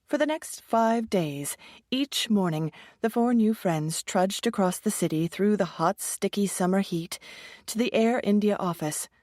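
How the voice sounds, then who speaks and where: A woman narrating an audiobook thriller with steady, even storytelling. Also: medium pitch, measured pace, no room sound, studio quality. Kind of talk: scripted narration.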